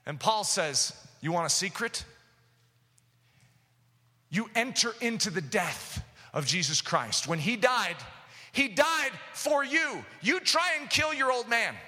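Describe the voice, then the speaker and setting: A man preaching a sermon, impassioned, with sudden loud outbursts, recorded in an echoey hall. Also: very high-pitched, animated, unhurried.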